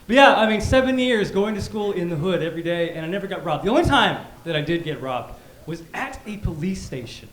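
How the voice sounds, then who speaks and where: A man in his thirties doing a stand-up comedy set on a club stage, with a punchy, animated delivery. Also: sits high, brisk, few pauses. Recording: echoey club room with background noise. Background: audience laughter and club ambience.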